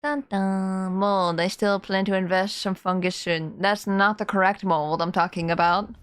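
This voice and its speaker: A woman streaming a game, chatting casually, humming to herself and yelling at enemies. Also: medium pitch, fairly even intonation, measured pace, clean tone. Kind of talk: casual gameplay commentary.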